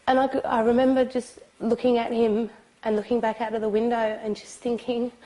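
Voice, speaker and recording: Tearful British woman testifying for a documentary; halting delivery, dark mellow tone. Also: on the high side, flat delivery, poor audio. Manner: halting, pausing, hesitant with many ums. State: crying, sobbing. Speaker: abuse survivor recounting her experience.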